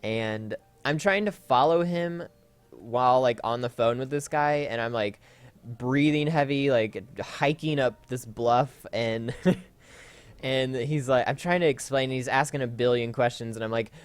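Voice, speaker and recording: A man chats loosely as he plays a game, wandering through a long anecdote with plenty of fillers and restarts. His voice is smooth and clean at an ordinary pitch. It is captured close and dry, with no room around it. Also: a little slow, no echo. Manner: rambling, with frequent fillers and self-corrections. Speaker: Let's Play host. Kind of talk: casual storytelling while playing a game.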